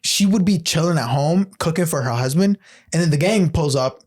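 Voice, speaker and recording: Young man, from the US, casual podcast chat, lightly high voice, storyteller, swears a lot. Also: moderate pace. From United States. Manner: animated storyteller, swears freely, many "like"s and "you know"s. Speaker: podcast co-host.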